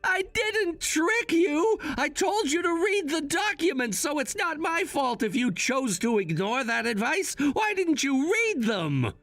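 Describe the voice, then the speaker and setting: A man plays a scheming young son in a text-message story drama, with a high, very animated voice. He talks calmly and matter-of-factly, recorded dry and close over faint music. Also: a little slow, few pauses, no room sound, full character voice. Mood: calculating. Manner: calm, matter-of-fact, quietly scheming. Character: scheming young adult son, calm and calculating.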